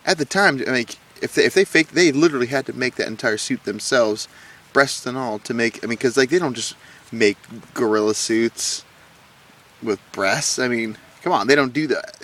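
A man co-hosting a podcast in casual chat, talking in excited, rambling stretches full of restarts. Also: mid-range voice, moderate pace.

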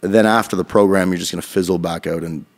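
A man from Canada talks on a podcast in a low, gravelly voice. He is energetic and swears freely as he tells stories. He speaks into a studio mic. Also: fast talker. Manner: energetic, profane, storytelling. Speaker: podcast guest, fitness coach. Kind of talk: casual podcast chat.

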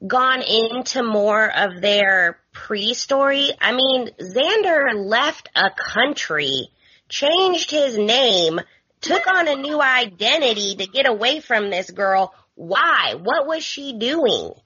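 A woman's voice: on the high side, sing-song, takes it slowly, bright, forceful tone, slightly rough, dull audio. A woman guest co-host on a podcast, chatting casually in a skeptical, questioning way. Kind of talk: casual recap chat.

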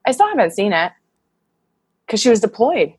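A woman's voice: on the high side, very animated, normal speed, a little mellow, slightly rough, no echo. A woman in her thirties telling personal stories in a casual interview, emotional and full of fillers and laughter. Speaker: guest, wrestler.

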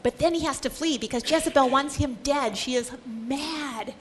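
A woman's voice: high-pitched, normal speed, a little hiss or hum. A woman Bible teacher giving a scripture lecture, retelling stories with dramatic, emphatic storytelling.

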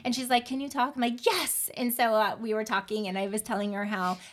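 A woman's voice: medium pitch, quick pace. A woman in her forties co-hosting a casual chat, telling stories and acting out what people said. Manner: animated storyteller acting out quoted dialogue. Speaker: podcast co-host.

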